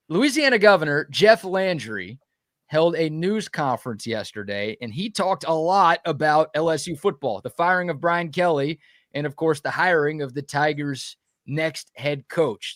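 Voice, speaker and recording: Joking sports talk host, bright dry voice. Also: male voice, fairly high pitch, a little slow, no echo. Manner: animated, jokey banter. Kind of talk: live sports talk show.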